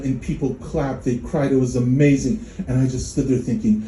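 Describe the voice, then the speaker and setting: A man from Poland in his thirties performing a stand-up comedy set at a club, deadpan and dark, slipping into mocking voices. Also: medium pitch, moderate pace, few pauses, slight background noise. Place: comedy club before a live audience. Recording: echoey room with crowd laughter.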